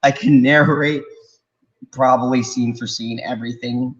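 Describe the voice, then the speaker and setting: A man's voice: medium pitch, steady tone, a little slow, highs cut off. A man who teaches martial arts, chatting casually as a guest and ranting in a laid-back way. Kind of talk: casual fan chat.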